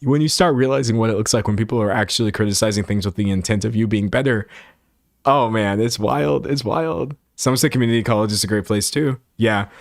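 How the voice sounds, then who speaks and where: A man's voice: lowish voice, brisk, dry recording. Young male streamer from Texas, casual chat with comments, plays up quotes, dry close sound. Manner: animated, mock-dramatic voices for quoted comments. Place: home room with a set backdrop.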